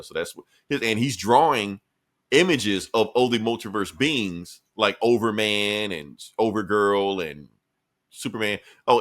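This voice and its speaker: A man's voice: on the low side, a bit bright. A man hosting a podcast, recapping a comic in a laid-back, profane way and laughing often. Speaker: podcast host. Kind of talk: casual comic book recap.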